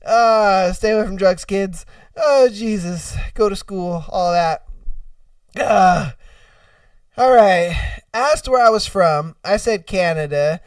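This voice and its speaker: Chill podcast guy reading posts out loud, swears a lot, dry sound, kinda back from the mic. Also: sits high, slow, dry recording, far from the mic. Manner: loose, profane, laughs at his own retellings. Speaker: podcast host.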